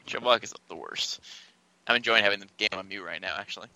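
A man co-hosting a casual sports podcast, talking in an animated, scornful and joking way. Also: fairly low pitch, fast talker, creaky, no room sound. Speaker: podcast co-host.

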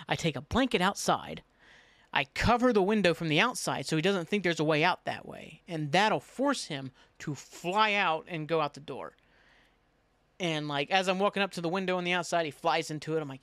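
Guy on his podcast telling a wild story, kinda high voice, dry close mic, swears a lot. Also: fast, dry recording. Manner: animated, swearing, self-mocking, acts out his own panic. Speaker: podcast host. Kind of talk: casual storytelling monologue.

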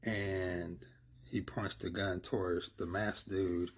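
A man's voice: sits low, flat delivery, slow pace, breathy edge. A man casually retelling a comic's plot in a rambling, filler-heavy way.

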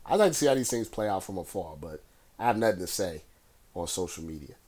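Low-voiced man musing casually. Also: lively intonation, quick pace, a little mellow. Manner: rambling, conversational, frequent fillers and restarts. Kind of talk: casual solo commentary.

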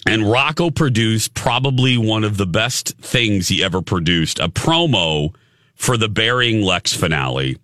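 Animated, chatty morning radio host, a man. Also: on the low side, no room sound, clean studio sound. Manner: animated, chatty, quick to laugh. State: losing his voice. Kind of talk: casual radio banter. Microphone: studio microphone.

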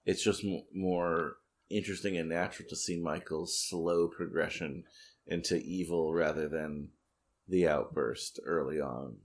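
A man co-hosting a podcast, chatting casually in a measured, thoughtful way. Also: deep voice, steady tone. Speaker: podcast co-host. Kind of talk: casual chat.

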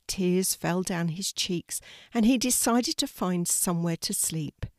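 An older woman narrates a children's story. Her reading is gentle, slow and soothing, her pitch in the middle range. The recording is dry and close. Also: no echo.

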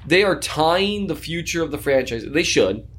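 A man's voice: on the high side, expressive, moderate pace, a bit bright. A man with a slightly raised voice co-hosts a casual sports podcast. He talks in a chatty, jokey way, rambling and restarting as the thoughts come. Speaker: podcast co-host.

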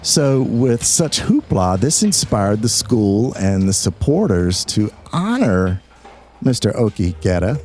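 Guy hosting a podcast, mellow lowish voice, chatty history bits with jokes. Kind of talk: casual storytelling chat.

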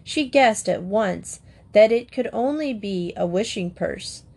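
A woman reads a classic fairy tale aloud with a calm, measured storytelling delivery. Her voice sits at an ordinary middle pitch, and she lets the phrasing carry the story with gentle expression. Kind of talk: storybook reading of fairy tales.

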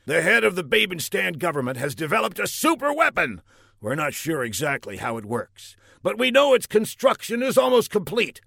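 A man voicing an excitable military general who briefs a hero in a comic story. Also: moderate pace, creaky, dry recording, studio quality, heavily acted. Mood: urgent. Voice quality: loud, high, animated. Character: blustering excitable male general.

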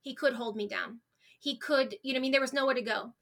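Bright-voiced young woman, candid and emotional. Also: high voice, fast talker, gravelly. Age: 20s. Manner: open and emotional, frequent restarts. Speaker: podcast guest. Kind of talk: candid conversational interview.

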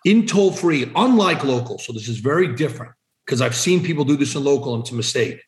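A man's voice: mid-range voice, lively intonation, fast, echoey room. A man answering podcast questions about business phone numbers in a direct, emphatic way. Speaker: vanity phone number seller. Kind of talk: conversational podcast interview answers.

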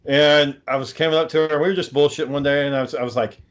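A man's voice: on the high side, steady tone, rapid-fire. A man in a casual chat, blunt and sarcastic, who swears freely.

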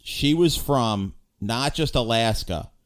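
A man co-hosting a comedy podcast, ribbing a caller in quick, deadpan banter. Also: mid-range voice. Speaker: podcast co-host.

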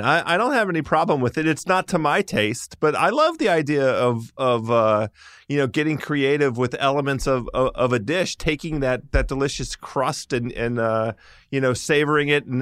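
A man's voice: mid-range voice, a bit bright, clean tone, dry recording, studio quality. A middle-aged man hosting a casual food chat, rambling and hesitant with many restarts. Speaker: podcast host.

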